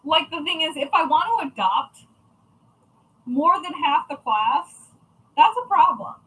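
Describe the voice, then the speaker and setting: A woman's voice: high voice, lively intonation, measured pace, a bit bright, rough recording. A young adult woman chatting casually to viewers, blunt and chatty with frequent swearing. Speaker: crafting channel host.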